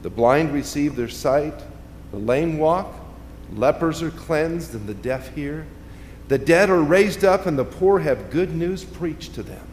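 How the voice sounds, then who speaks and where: A man preaching a sermon, his delivery rising to loud, emphatic peaks and dropping to quiet, hushed asides. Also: on the high side, lively intonation, a little slow. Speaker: pastor. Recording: long reverb, faint ambient noise.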